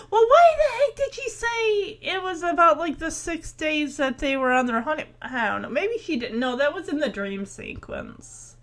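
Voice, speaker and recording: A woman's voice: high voice, fairly bright tone. A woman chatting casually as she recaps a show, giggling often and playfully voicing the characters' lines.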